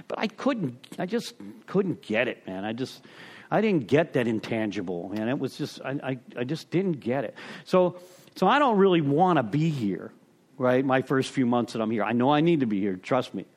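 A middle-aged man tells his story to a recovery group. He rambles, stops himself mid-thought and chuckles at his own words. His voice sits a little high for a man and swings widely up and down. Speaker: speaker sharing at a recovery meeting. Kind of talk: personal story share to a group.

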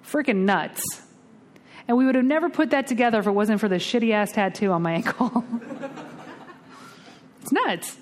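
A woman speaking at a twelve-step recovery meeting, telling a blunt, salty story with lively storytelling and acting out the other voices. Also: fairly high pitch, moderate pace, long pauses, a little hiss or hum. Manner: lively storytelling, acts out the voices in her tale; blunt and salty, casual swearing.

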